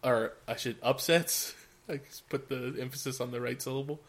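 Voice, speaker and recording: A man's voice: medium pitch, level tone, fairly quick. A man hosting a podcast in casual chat, steering topics with many hesitations and frequent laughter. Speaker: podcast host.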